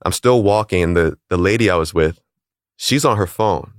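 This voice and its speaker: A man with a very low voice speaks as an interview guest, recounting a personal story in a calm, measured way. He slips into the voices of the people he quotes. His voice sounds close and dry, with no room echo. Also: smooth. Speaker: interview guest, calisthenics league founder.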